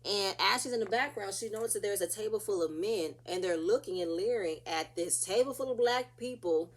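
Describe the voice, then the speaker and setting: A woman's voice: medium pitch, brisk. A woman casually recapping a reality TV episode, chatty and opinionated, acting out what the cast said.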